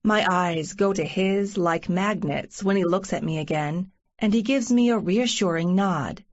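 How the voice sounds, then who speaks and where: A woman narrating a first-person romance audiobook in a measured inner-monologue style. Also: medium pitch. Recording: muffled lo-fi recording.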